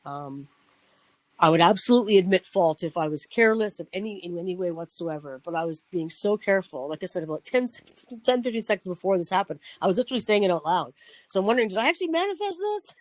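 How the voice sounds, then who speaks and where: Man, casual storytelling, rambling, restarts, swearing, slightly high voice, dry recording. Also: fast, a little mellow, dry recording, low-quality recording. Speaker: podcast host.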